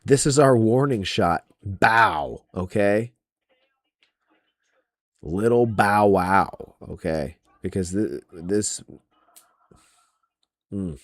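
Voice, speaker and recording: A man's voice: on the low side, animated, extremely slow, pauses often, no room sound. A man hosting a wrestling podcast, ranting about match predictions in a profane, exasperated way.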